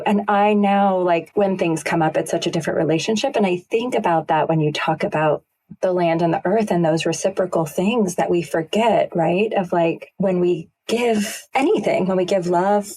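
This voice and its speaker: A woman's voice: fairly low pitch, normal speed, darkish tone, breathy edge. A woman co-hosting a podcast, telling personal stories in a reflective, conversational way. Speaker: podcast co-host.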